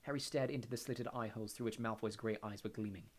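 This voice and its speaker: A man reading a fantasy audiobook aloud in a steady, measured narration. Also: lowish voice.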